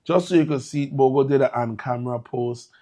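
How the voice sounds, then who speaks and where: A man's voice: medium pitch, brisk, mellow. A man with a U.S. hosting a live morning show, upbeat with hyped greetings and local slang.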